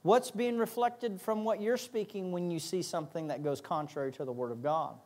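High-voiced man preaching a sermon. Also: normal speed, a little mellow. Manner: emphatic preaching with repeated phrases and acted asides. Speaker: pastor.

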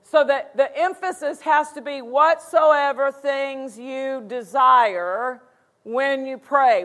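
A woman pastor delivers a sermon with a high, light voice. She preaches emphatically and repeats key phrases for weight. Her speech comes in a steady, earnest flow.

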